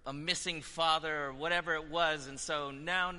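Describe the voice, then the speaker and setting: A man preaching a sermon with passion, dropping to hushed tones and rising to loud declarations. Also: on the high side, fairly quick, few pauses, in a large hall. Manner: impassioned, swinging from hushed to loud.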